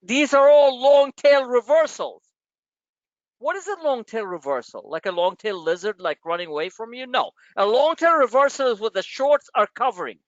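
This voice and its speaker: A male trading show host with an extremely high-pitched voice runs a live market webinar at normal speed, animated, brash and joking, calling listeners "my friend." The stream audio is dry, dull and lo-fi.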